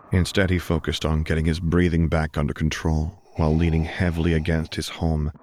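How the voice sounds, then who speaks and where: A man reading fan fiction aloud in a soft, hushed storytelling voice. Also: very deep voice, slight background noise. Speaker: audiobook narrator. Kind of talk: scripted narration of fan fiction.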